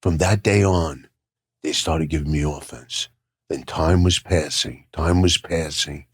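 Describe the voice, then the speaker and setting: An older man with a very low, husky voice tells stories from his career with lively energy. His rough, breathy tone stays deep, and he often repeats words as he builds to a point. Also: unhurried. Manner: lively anecdotes, repeats words when excited. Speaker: guest, retired pro wrestler. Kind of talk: animated storytelling in an interview.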